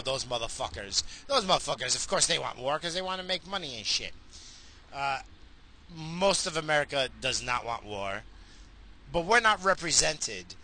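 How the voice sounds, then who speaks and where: A man's voice: mid-range voice, bright, forceful tone. A man driving in his car, ranting in a crude, rambling way and swearing constantly into a phone. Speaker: vlogger. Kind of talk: profane rambling rant while driving.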